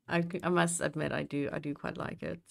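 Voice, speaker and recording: A young woman streams live and chats loosely while she works. She reads her chat aloud, swears casually and pokes fun at herself. Her voice is low, unhurried and gravelly. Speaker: livestreamer building a map.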